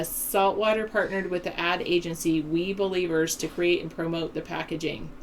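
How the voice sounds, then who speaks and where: A woman's voice: lowish voice, a little hiss or hum, poor audio. A woman with a Southern California valley-girl accent hosting a call-in show, chatting casually and rambling as she reads news and answers viewers' chat. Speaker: host of a call-in political show.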